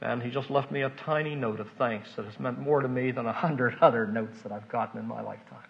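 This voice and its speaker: An older man preaching a folksy, emotional sermon, moving between hushed asides and loud emphasis. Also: medium pitch, brisk, creaky. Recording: dull lo-fi recording.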